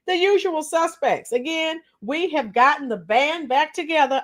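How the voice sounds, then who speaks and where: A high-pitched woman hosts a chatty livestream, calling out viewers by name as they join. Her voice sounds slightly strained, and she clears her throat now and then. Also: moderate pace, hardly any pauses, fairly bright tone. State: slightly strained voice after a week of teaching. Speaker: livestream host. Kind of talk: casual live chat with viewers.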